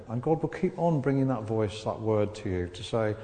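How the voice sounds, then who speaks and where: A man preaching a sermon, telling a Bible story with lively acted-out voices. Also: on the low side, moderate pace, few pauses. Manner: animated storytelling, acts out voices of the people in the story. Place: church hall. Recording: long reverb of a large hall.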